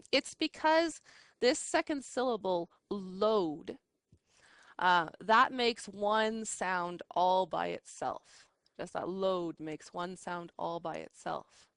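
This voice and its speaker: Slow, patient woman teaching a lesson. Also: mid-range voice, fairly bright tone, smooth, dry recording, clean studio sound. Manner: patient, slow, checks in with "right?". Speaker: English teacher. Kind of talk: classroom lesson.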